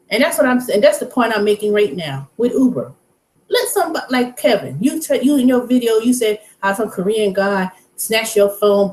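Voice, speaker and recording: A woman's voice: mid-range voice, a little mellow. A woman hosting her own vlog, ranting bluntly and profanely in casual talk. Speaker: vlog host. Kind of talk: casual rant to camera. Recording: roomy echo.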